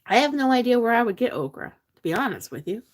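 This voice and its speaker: A woman's voice: on the high side, very animated, fast. A chatty woman hosts a casual livestream. She talks easily with her viewers, reads their comments aloud and laughs often as she goes. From Pennsylvania. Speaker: livestream host.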